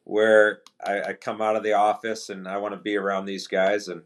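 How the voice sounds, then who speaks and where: A man's voice: fairly low pitch, normal speed. A man, a pro hockey player as podcast guest, telling a story casually and acting out what teammates said. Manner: relaxed anecdotal, quotes teammates in dialogue; frequent restarts and fillers.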